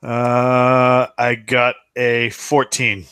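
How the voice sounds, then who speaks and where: A man's voice: medium pitch, monotone, very slow, fairly bright tone, smooth, no room sound. Guy at a tabletop game, plain brief talk, dry close sound. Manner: matter-of-fact, brief. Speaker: player.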